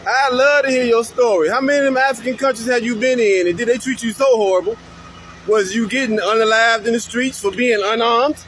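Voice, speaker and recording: A man's voice: very high voice, slight background noise. An American man giving a preachy response monologue in slangy speech, firing off repeated rhetorical questions. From United States. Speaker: commentator responding to another video.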